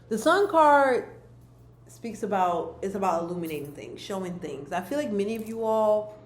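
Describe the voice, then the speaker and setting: A woman gives her viewers a monthly card reading. She talks to them earnestly and repeats her key phrases for emphasis. Her voice sits at a middling pitch and carries a roomy echo with faint background noise. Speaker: spiritual card reader.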